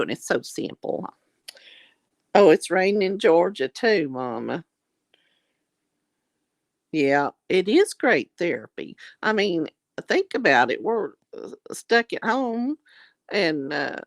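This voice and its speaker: A woman's voice: on the low side, no echo. A middle-aged woman, chatting on her livestream and reading out viewer comments, calling them honey and darling. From Southern US. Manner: warm, affectionate, calls viewers honey and darling. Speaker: livestream host.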